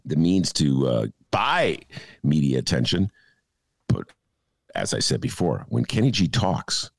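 A man's voice: rumbling low, very animated, unhurried, gravelly, dry recording. A man co-hosting a political podcast, ranting sarcastically about the week's news. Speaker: podcast co-host. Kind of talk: casual political commentary.

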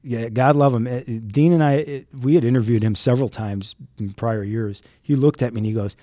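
A man's voice: mid-range voice, normal speed, dry recording, studio quality. A man from Chicago, a news photojournalist, telling stories as a guest in a casual chat. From Chicago, USA. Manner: animated, lively storyteller.

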